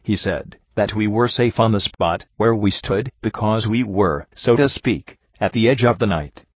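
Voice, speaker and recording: A man reads a book aloud in a steady, measured narration. His voice sits fairly low. The recording is dry, with no room sound, and slightly muffled, with a lo-fi edge. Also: slightly rough, no echo. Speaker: audiobook narrator. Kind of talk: scripted narration.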